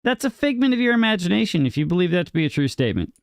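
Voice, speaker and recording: Gravelly, lively man teasing his stream chat. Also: racing, no room sound, clean studio sound. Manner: playful teasing, mock-indignant, jumps high on questions. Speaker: livestreamer. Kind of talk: casual live-stream chat, reading and answering chat.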